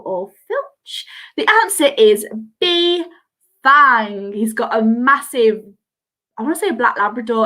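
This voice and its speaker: Giggly higher-voiced woman hosting a quiz. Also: fairly bright tone. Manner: chatty, giggly, reads answers in a sing-song lilt. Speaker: quiz host. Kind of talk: casual live quiz hosting. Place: at home. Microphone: video call mic.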